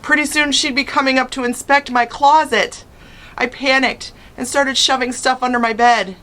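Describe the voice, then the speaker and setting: A woman teacher reading a children's chapter book aloud with expressive first-person narration. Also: high-pitched, moderate pace. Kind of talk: storybook read-aloud.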